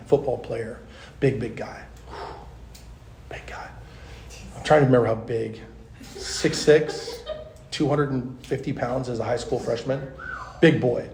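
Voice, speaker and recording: A man, a pastor, teaching at a youth conference in a chatty, animated storytelling way, full of fillers. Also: mid-range voice, vocal fry, slight background noise. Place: large conference hall. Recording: echoey hall.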